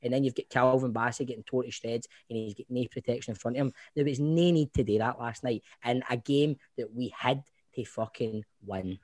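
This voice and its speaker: A man's voice: mid-range voice, a little fast, a little mellow, no echo. Scottish male co-host, dry close sound, heated and insistent. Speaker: podcast co-host. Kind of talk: casual football chat.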